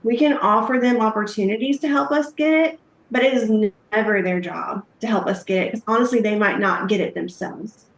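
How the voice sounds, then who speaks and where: A woman's voice: fairly high pitch, a little fast. A woman giving a live training talk on trauma-informed care, conversational, with frequent fillers and acted-out sample questions. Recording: echoey room.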